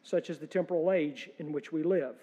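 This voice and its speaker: A male pastor preaches with a fairly high yet mellow, dark-toned voice. He is earnest and emphatic, tossing in rhetorical questions and dry jokes. The sound carries a long church-hall reverb. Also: brisk, breathy edge. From United States. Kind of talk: sermon.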